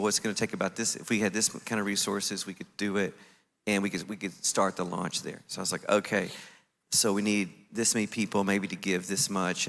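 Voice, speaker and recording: On a conference stage in a large venue, a man with a lowish voice and vocal fry tells the audience a story, animatedly acting out his own quoted reactions. The big hall gives the recording an echo.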